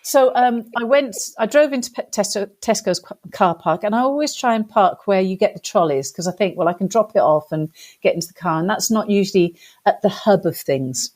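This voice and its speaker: A woman with a British accent, a guest in an interview, telling a funny story in a lively way and acting out the voices of the people in it. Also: mid-range voice, brisk, few pauses. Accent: British English. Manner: lively animated storyteller, acts out quotes.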